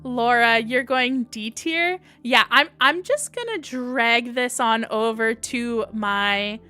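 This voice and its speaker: Young female streamer, fairly high voice, unhurried chatty delivery, reacts to chat. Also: expressive, bright, forceful tone, smooth, faint music behind. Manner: chatty, reads and answers viewer comments. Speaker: livestream host. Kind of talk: casual livestream chat.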